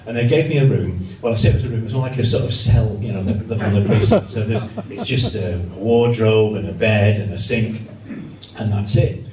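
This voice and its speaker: Speaking briskly in a lowish voice amid crowd noise, a journalist entertains a hall as guest speaker with self-deprecating, funny anecdotes. The after-dinner talk is animated, the audience laughs along, and the recording captures the roomy space from afar.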